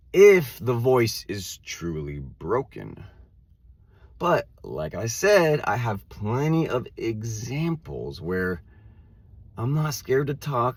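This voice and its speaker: Slow-talking man who stutters. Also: lowish voice. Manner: stutters, with repeated words and restarts; casual, says "like" and "dude" often. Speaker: channel host. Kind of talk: reflective self-help monologue.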